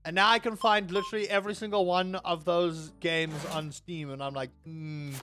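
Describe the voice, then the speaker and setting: A man, chatting casually and rambling with animated grumbles while streaming a game. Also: high-pitched, fairly quick, faint music behind. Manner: rambling, animated, lots of restarts and grumbling asides. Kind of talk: casual live-stream chat while playing.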